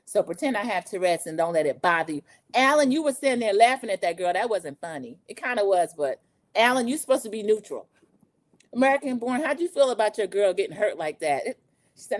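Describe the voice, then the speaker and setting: A woman hosting a podcast, recapping a TV show in a chatty, animated way and talking straight to her listeners. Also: mid-range voice, a little fast, dry recording, clean studio sound. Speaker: podcast host. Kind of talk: casual TV recap chat.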